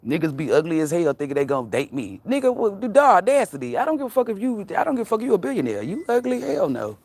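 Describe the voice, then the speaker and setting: A woman's voice: lowish voice, big pitch swings, very fast, darkish tone, husky, no room sound. A woman hosting a casual livestream, talking bluntly and profanely and laughing often as she tells stories. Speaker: livestream host.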